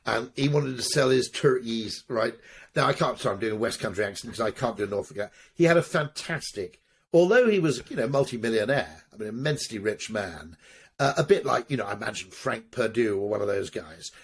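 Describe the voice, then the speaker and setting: A man's voice: on the low side, lively intonation, quick pace, slight background noise. A middle-aged man answering interview questions, telling wry, rambling stories full of restarts and asides. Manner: discursive storytelling with frequent restarts and asides; wry, occasionally profane. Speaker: marketing executive guest.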